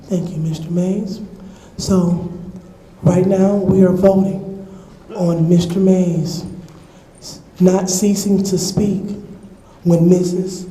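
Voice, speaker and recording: A woman chairing a public council meeting, measured and procedural, pausing and restarting as she calls the vote. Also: lowish voice, fairly even intonation, dark tone. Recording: echoey council chamber with long reverb.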